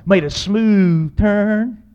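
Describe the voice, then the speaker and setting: Animated high-voiced storyteller man. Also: drawn-out words, clear, resonant tone, highs cut off. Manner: animated, acts out voices and yells. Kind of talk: humorous personal storytelling.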